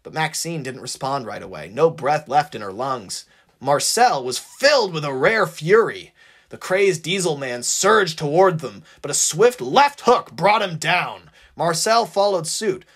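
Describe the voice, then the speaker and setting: A narrator reading a fan-written story aloud in an expressive, animated way. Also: mid-range voice, breathy edge.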